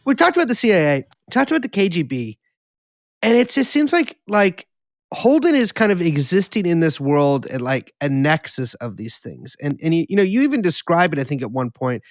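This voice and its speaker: Male podcast host, rambling thinker, higher pitch, dry close mic. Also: sing-song, normal speed, no echo. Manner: rambling, thinking aloud with many restarts. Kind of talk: casual podcast conversation.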